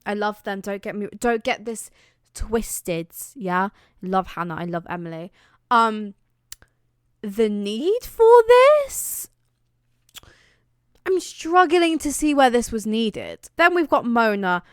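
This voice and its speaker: A young British woman talks straight to camera in a chatty, dramatic way, piling on playful exaggeration. Her voice is smooth and clear, and the dry, close recording carries no room sound. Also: mid-range voice, fairly bright tone, dry recording. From Britain. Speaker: vlogger. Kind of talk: casual chat.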